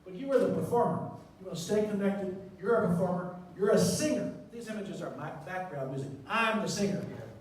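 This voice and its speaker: A man giving a conference talk in a large lecture hall with a handheld mic, emphatic and repeating key words, swinging between loud and soft. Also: sits high, animated, fairly quick, a little hiss or hum. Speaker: surgeon lecturing on presenting. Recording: echoey hall from far off.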